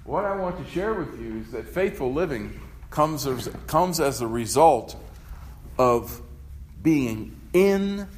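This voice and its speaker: A man's voice: fairly high pitch, animated, slight background noise. A male pastor preaching a sermon, asking his congregation questions as he goes. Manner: unhurried, asks the congregation questions.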